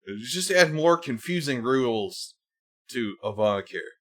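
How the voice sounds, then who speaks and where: A man's voice: medium pitch, animated, measured pace, fairly bright tone. Profane, heated male streamer ranting. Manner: heated, profane, many fillers. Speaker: livestream host. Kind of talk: casual political rant.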